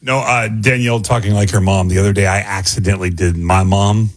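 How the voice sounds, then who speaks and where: Brief: male co-host, mid pitch, husky, earnest chat. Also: fairly even intonation, a little fast. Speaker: radio co-host. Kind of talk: casual on-air chat.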